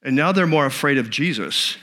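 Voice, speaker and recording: A man preaching a sermon, telling a story in an animated, conversational way with frequent restarts. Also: mid-range voice, brisk. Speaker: pastor.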